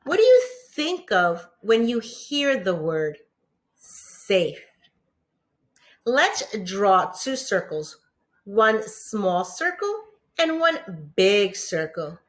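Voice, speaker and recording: A woman teacher with a New York accent giving a patient lesson to young children, pausing for answers and praising them often. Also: mid-range voice, big pitch swings. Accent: New York English. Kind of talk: slow, encouraging classroom lesson for young children.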